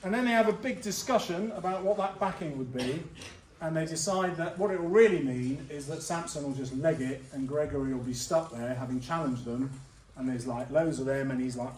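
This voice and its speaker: A man teaching a revision lesson to a school year group, lively and jokey, acting out the characters. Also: on the high side, moderate pace, slight background noise. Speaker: English teacher. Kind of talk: classroom revision lecture. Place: school hall. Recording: roomy hall sound from a distance.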